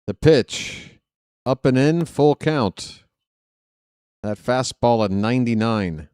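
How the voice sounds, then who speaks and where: A man doing live play-by-play of a baseball game for viewers, chatty and joking with the chat between pitches. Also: animated, slow pace, a little mellow, smooth, no room sound, studio quality. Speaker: fan play-by-play announcer.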